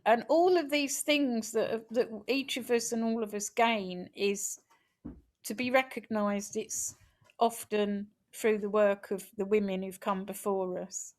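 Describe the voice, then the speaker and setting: A woman activist reading her own poem in a slow, rhythmic recitation, then talking casually, over a video call. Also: medium pitch, fairly even intonation. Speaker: poet and activist.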